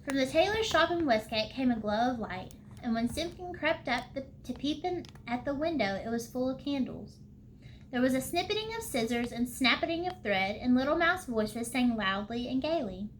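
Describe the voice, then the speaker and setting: A woman reading a storybook aloud at an unhurried pace, with small slips and the odd throat-clearing. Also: high voice, animated, a little hiss or hum. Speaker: library storytime reader.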